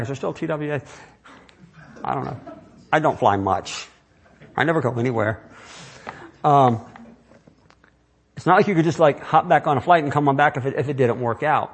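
Male pastor, slightly high husky voice, sermon delivered as an informal talk full of rhetorical questions. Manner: conversational preaching with rhetorical questions.

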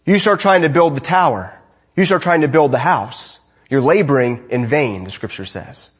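A man's voice: a little high, expressive, moderate pace, slightly rough. A man preaching a sermon as pastor, conversational, often asking his congregation rhetorical questions.

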